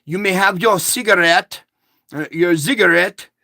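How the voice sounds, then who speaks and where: A man's voice: sits high, measured pace, creaky, bright, forceful tone, dry recording, pitched above the performer's own voice, full character voice. A man voicing a stern female shop clerk with a put-on German accent, clipped and officious.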